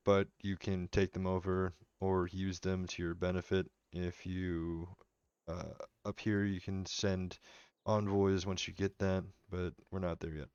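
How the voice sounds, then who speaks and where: A man's voice: low voice, darkish tone, clear, resonant tone, no echo, muffled recording. A man streaming a strategy game live, chatting casually and rambling with his viewers as he plays. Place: home room.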